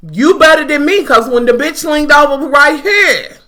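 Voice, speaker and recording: A woman's voice: sits high, expressive, moderate pace, bright, forceful tone. A woman giving a blunt, profane, sassy recap of a reality TV episode. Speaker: TV recap vlogger. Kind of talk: casual reality-TV review.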